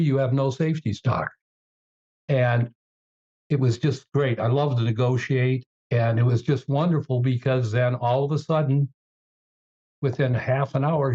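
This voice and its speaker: A man in an interview, telling business stories in a measured way with frequent fillers. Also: mid-range voice, mellow, lo-fi sound. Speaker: guest, turnaround CEO. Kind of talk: interview storytelling.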